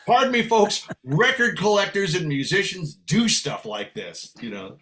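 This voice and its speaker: A man with a slightly higher voice tells a story as a guest. He is from San Francisco and talks with animated energy. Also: moderate pace. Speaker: guest musician. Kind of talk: casual storytelling.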